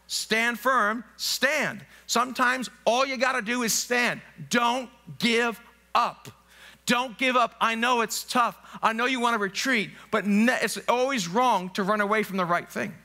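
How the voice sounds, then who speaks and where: A man's voice: sits high, pushed and bright. A male pastor preaching an emphatic sermon in a church, repeating phrases and slipping into spoken prayers. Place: church sanctuary.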